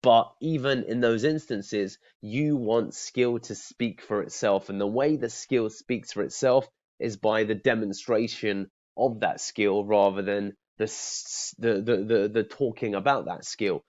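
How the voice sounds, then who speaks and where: A man's voice: fairly low pitch, fairly even intonation, unhurried, few pauses, a little mellow. A man teaching cold calling in a conversational way, often restarting and checking in with "okay?". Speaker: sales trainer. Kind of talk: training talk to camera. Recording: dull lo-fi sound.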